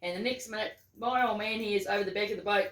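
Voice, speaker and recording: A woman's voice: mid-range voice, far from the mic. A woman with a New Zealand accent chatting casually with family, teasing and jumping in with her own side of the stories. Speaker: adult daughter. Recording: echoey room, a bit off-mic.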